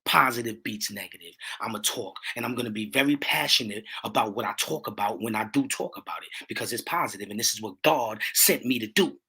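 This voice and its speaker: A man hosting his own livestream, talking with passion in a preachy way, repeating catchphrases and rising to near-shouts. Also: on the low side, a little fast, hardly any pauses, slightly rough. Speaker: livestream host. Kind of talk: impassioned livestream talk.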